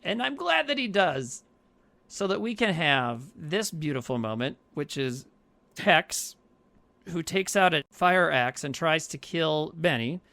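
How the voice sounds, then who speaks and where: Gravelly, animated male podcast co-host. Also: a little high, measured pace. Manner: animated, swearing, rambling. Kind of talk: casual movie discussion.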